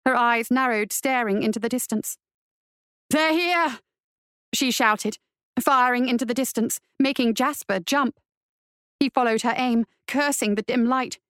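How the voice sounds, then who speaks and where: A woman narrating a western adventure story in a steady storytelling voice. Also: on the high side, moderate pace, no echo, studio quality. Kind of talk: audiobook narration.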